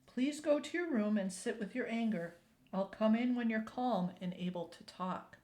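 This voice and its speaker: A woman voicing a kind, patient old grandfather in a storybook, firm but gentle. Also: fairly high pitch, normal speed, natural voice. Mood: calm. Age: over 60. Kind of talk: storybook reading.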